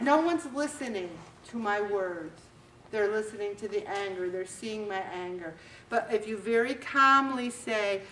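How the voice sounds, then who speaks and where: A woman hosting a faith talk show, giving a motivational talk in an animated, self-mocking way and acting out little scenes. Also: fairly high pitch, a little slow, slight background noise. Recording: roomy echo, distant mic.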